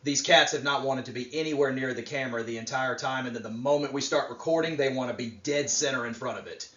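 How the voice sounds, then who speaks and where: A fast-talking man with a mid-range voice co-hosts a wrestling podcast, chatting casually and making predictions. He's relaxed and rambling, with lots of filler words. The recording sounds roomy and distant, with a dull mic.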